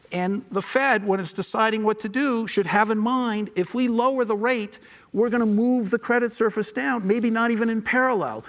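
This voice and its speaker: A man's voice: high-pitched, a bit bright. A man giving a public lecture in a conversational, digressive way, often restarting his sentences and slipping in dry humorous asides.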